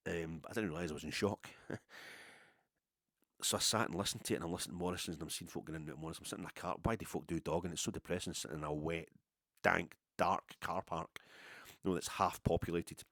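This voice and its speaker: A middle-aged Scottish man with a very low voice rambles through a story at his own expense. His casual talk is dotted with swearing. The recording is close and dry. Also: steady tone, quick pace, fairly bright tone, no echo. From Scotland. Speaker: podcast host.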